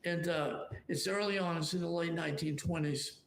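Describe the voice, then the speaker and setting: A man's voice: a little high, fairly even intonation, moderate pace, a bit bright. A man from Savannah, a pianist and singer chatting loosely between songs, with many fillers and restarts. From Savannah, Georgia, US. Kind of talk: casual chat between songs on a live stream. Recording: echoey room with faint music.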